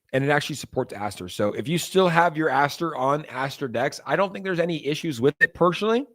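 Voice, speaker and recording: A young man hosting a casual crypto livestream. He rambles loosely, with lots of fillers, and reads chat messages aloud. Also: medium pitch.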